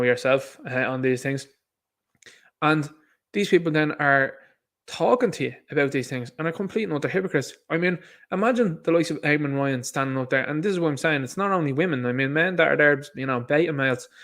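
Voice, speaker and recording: A man's voice: a little high, a bit bright. Blunt man ranting. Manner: blunt, mocking, rambling with restarts. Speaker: online show host. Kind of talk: opinionated commentary monologue.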